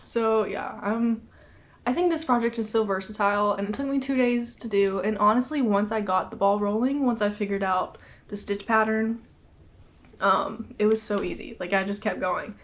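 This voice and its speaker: A woman's voice: mid-range voice, fairly even intonation, moderate pace. A young woman hosting a knitting podcast, chatting casually, laughing often and a little out of breath. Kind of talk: casual chat.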